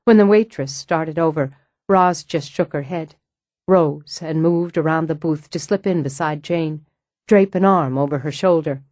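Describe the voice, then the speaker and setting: Audiobook narrator, woman, low voice, calm measured reading, dry close sound. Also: no room sound. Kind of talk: scripted narration.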